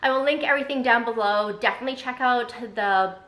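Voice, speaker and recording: A young woman from Canada talks through her shopping haul in a quick, chatty way, filling her sentences with ums and likes. Her voice is bright and sits in an echoey room. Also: fairly high pitch. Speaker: vlogger. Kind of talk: casual haul vlog.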